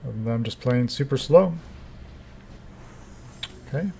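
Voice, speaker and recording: Man, mid-pitched voice, relaxed game commentator with dry, wry asides. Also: unhurried, vocal fry, slightly rough. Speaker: gameplay commentator. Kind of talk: casual gameplay commentary.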